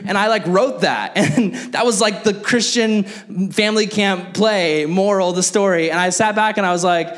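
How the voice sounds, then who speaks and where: Animated, chatty young male preacher. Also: sits high, moderate pace, hardly any pauses. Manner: animated, chatty, full of "like", acts out bits. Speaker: youth pastor. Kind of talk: casual sermon to young people.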